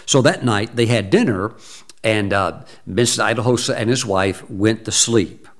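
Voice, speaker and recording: A male preacher telling a story in a sermon, slowing down and leaning into the quoted lines. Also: lowish voice. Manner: slow, deliberate retelling with acted quotes.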